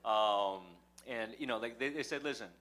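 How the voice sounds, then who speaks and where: Folksy Texan man, bright voice. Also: mid-range voice, normal speed. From West Texas. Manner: folksy, jokey, drawling storyteller. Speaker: actor on a convention panel. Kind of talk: live fan convention panel.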